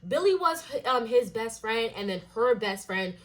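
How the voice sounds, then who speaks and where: Young woman, casual storytime, animated, lively swings in pitch, cussing. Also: normal speed. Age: young adult. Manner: animated, swears a lot, many fillers. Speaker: vlogger.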